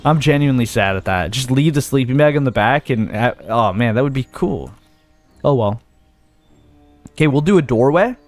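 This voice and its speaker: A man's voice: mid-range voice, lively intonation, moderate pace, pauses often, faint music behind. A young man giving casual let's-play commentary, thinking aloud and talking himself in and out of ideas as he goes. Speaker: gaming video host.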